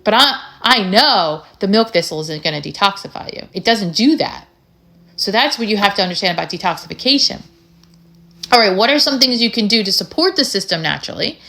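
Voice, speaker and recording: A woman with an American accent hosting a health podcast, talking in an animated, emphatic way and asking lots of rhetorical questions. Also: medium pitch, brisk. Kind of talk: casual solo podcast talk.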